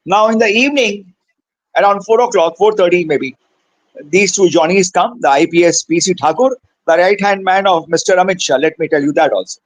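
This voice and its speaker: A rapid-fire older man speaks in Indian-accented English, his voice sitting high for a man. He tells his story with energy and slips into Hindi as he acts out what others said. The sound is close and dry, with no room echo. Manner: acts out dialogue, switches between English and Hindi. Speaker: senior cardiologist, interview guest. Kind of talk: animated personal storytelling.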